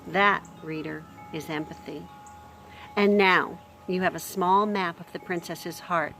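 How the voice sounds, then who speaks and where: A woman reading a chapter book aloud to children in a gentle manner, talking to her listeners and explaining words as she goes. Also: lowish voice, fairly even intonation, unhurried, soft background music. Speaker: storybook reader. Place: home near a street.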